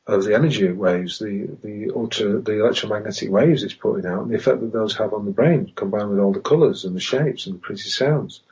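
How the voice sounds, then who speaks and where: A low, husky male voice carries this casual podcast chat, heard over a dull, lo-fi online connection. He rambles in a conspiratorial way and pushes his points with emphatic rhetorical questions. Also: a little fast, hardly any pauses, darkish tone. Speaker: podcast guest. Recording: dull lo-fi online call audio.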